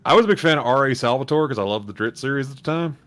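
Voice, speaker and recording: A man's voice: medium pitch, lively intonation, racing, fairly bright tone. A man co-hosting a podcast, chatting casually in a rambling, self-mocking way. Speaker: podcast co-host. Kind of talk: casual chat.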